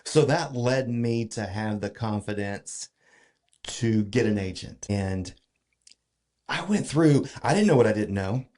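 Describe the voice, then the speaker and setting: A man's voice: fairly low pitch, measured pace. A man telling a long story in a casual podcast chat, full of fillers and restarts. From Georgia, US. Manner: animated, filler-heavy retelling with many restarts. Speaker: podcast guest.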